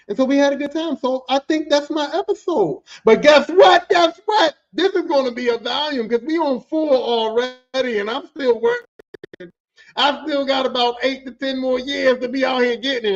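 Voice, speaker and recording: A man hosting a podcast, telling a work story in a loose, profane, animated way. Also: sits high. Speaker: podcast host and work-site boss. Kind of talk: casual storytelling. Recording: dull lo-fi audio.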